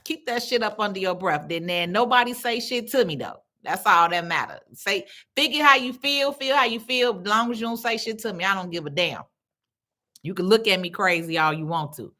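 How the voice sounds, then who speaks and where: A woman's voice: fairly low pitch, sharp tone. A woman hosting a casual livestream, talking bluntly and with plenty of profanity, laughing often as she reads viewer comments aloud. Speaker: livestream host.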